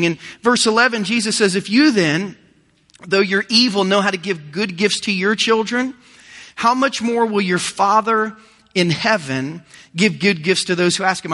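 Bright-voiced pastor preaching in a hall. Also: male voice, high-pitched. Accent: Midwestern American. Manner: earnest, emphatic preaching with repeated phrases. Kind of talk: sermon. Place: church auditorium.

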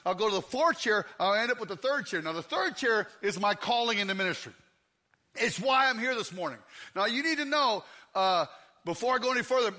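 A man preaching a lively, joking sermon in a church, often shouting out to the crowd. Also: sits high. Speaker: guest preacher. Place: church sanctuary.

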